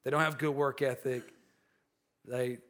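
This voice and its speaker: In this sermon the pastor, medium-pitched and a little slow, recounts a personal story with lots of restarts and repeated words. He shifts back and forth between animated delivery and quiet earnestness.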